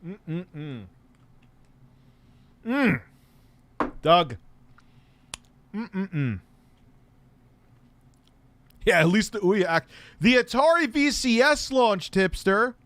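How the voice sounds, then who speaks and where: A middle-aged man hosting tech commentary, ranting sarcastically with a lot of swearing, swinging from muttering to shouting. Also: high voice, lively intonation, extremely slow, long pauses, slight background noise.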